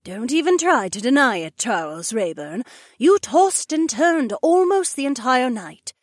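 Male narrator as a protective she-wolf woman, high and firm, animated. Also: unhurried, no echo, studio quality, full character voice. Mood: scolding.

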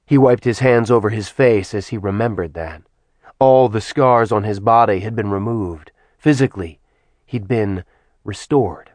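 A man reading a dramatic fantasy audiobook aloud in steady, dramatic storytelling narration. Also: lowish voice, a little slow, dry recording. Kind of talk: scripted narration.

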